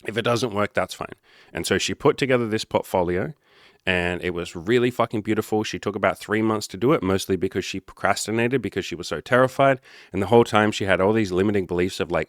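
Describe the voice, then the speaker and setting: Low-voiced, blunt, swearing male coach. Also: fairly quick, no room sound, studio quality. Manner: blunt, heavy swearing, emphatic. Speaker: life coach. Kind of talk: casual storytelling monologue.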